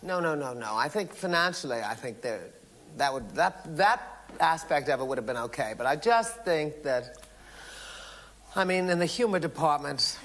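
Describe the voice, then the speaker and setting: A woman's voice: deep voice, lively intonation, moderate pace, fairly bright tone. A woman guest on a chat show, agreeable, giving short replies with some hesitation.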